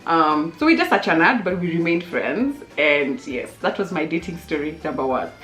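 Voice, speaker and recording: Animated young woman telling a story. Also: moderate pace. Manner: animated, lively, swoops into high exclamations. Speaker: channel host. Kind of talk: casual storytelling to camera. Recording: roomy echo with faint music.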